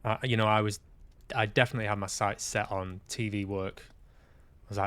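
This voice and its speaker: Talking fairly quickly and with a flat delivery, the Manchester podcast host and actor has a low-leaning, fairly bright voice. He muses candidly and casually on his own, often self-deprecating and sometimes swearing.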